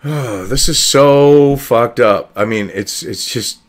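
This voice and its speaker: A man's voice: medium pitch, takes it slowly. A man hosting a political commentary video, reading an article aloud and cutting in with profane, sarcastic, exasperated remarks.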